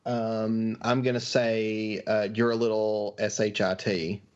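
A man's voice: lowish voice, flat delivery, slow, dull audio. A man playing along in a casual podcast quiz, chatty and playful, with sighs as he hedges his answers. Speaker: podcast co-host, quiz contestant.

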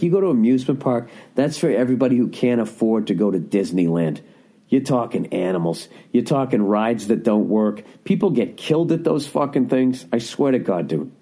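A man's voice: medium pitch, warm tone. A middle-aged man hosting a podcast, riffing through a profane, comic monologue and often stopping to correct himself. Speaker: podcast host. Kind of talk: rambling comedic monologue.

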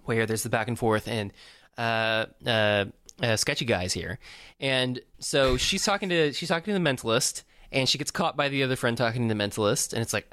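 A man's voice: mid-range voice, a little fast, pushed and bright, dry recording. A man co-hosting a casual movie-review chat, hesitant with many fillers and dry asides. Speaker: podcast co-host.

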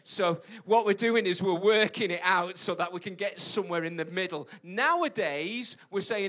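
A man's voice: sits high, normal speed, hardly any pauses, a bit bright. A British man preaching a sermon, emphatic and repeating his key points, with jokey asides. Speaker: pastor.

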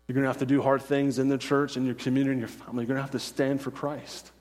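A man preaches with earnest insistence, circling back on phrases and checking in with "right?" His voice sits at an ordinary middle pitch. A long reverb trails each word through the sanctuary. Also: level tone, rapid-fire, darkish tone. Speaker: pastor. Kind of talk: sermon.

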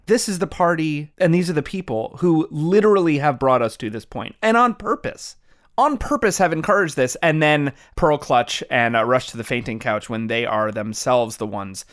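A man's voice: mid-range voice, moderate pace, hardly any pauses. A man co-hosting a political podcast, talking in a wry, sarcastic way and laughing often. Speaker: podcast co-host. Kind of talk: political commentary chat.

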